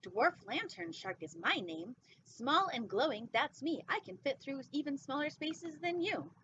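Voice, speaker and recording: A woman's voice: sits high, lively intonation, a little slow, fairly bright tone, slight background noise. A woman voicing a tiny, cheerful male lantern shark from a picture book, proud and chirpy. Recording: dull lo-fi recording.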